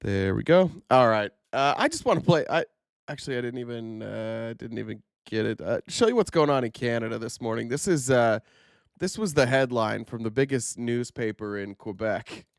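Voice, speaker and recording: A man's voice: normal speed, creaky, dry recording, clean studio sound. Sarcastic stuffed-up man hosting a livestream. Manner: sarcastic, animated, pitch jumps up when indignant. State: stuffed up from a sinus infection. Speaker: political commentary host. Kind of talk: casual livestream commentary. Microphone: livestream camera setup.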